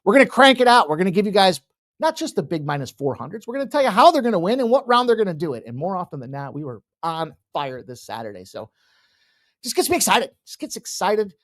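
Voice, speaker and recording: A man hosting a sports betting show from his home office, talking casually and excitedly, with sudden loud bursts and quieter asides. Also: sits high, fast talker. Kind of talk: casual solo show talk.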